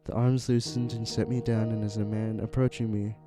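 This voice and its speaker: A man narrating a first-person horror story in an earnest, halting way, with small restarts. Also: on the low side, level tone. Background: music.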